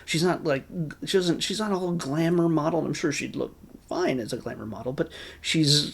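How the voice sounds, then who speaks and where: A man's voice: on the high side, gravelly. A man giving a casual, rambling spoken review of a film, with wry asides and many restarts. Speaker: movie reviewer.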